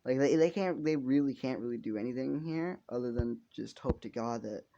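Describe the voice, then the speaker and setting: A man's voice: mid-range voice, brisk, vocal fry, mellow, lo-fi sound. A young man casually making up a story as he goes, rambling, swearing often and laughing at his own jokes.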